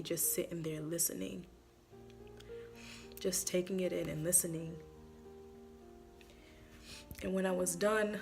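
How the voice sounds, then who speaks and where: A woman telling a heartfelt personal testimony in a conversational way, tearful at times, using many fillers. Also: lowish voice. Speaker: church member sharing a personal testimony. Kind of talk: emotional personal testimony vlog.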